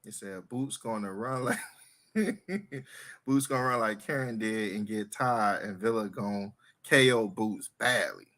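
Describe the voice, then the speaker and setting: A man's voice: fairly low pitch, measured pace, bright, forceful tone. A young man co-hosting a casual live sports stream, reading viewer comments aloud, teasing his co-host and laughing often.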